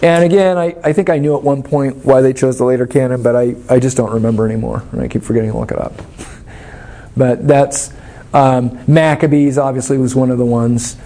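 A man's voice: medium pitch, steady tone, brisk, mellow. A man leading a church study class, explaining things in an informal, thoughtful and wry way while answering questions.

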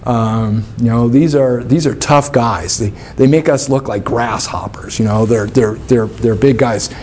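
Man putting on jittery male scouts, low and stammering, warning of giants. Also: a little mellow, a little hiss or hum, natural voice. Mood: fearful. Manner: halting, repeating words as he warns. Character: frightened male spies reporting a fearsome land.

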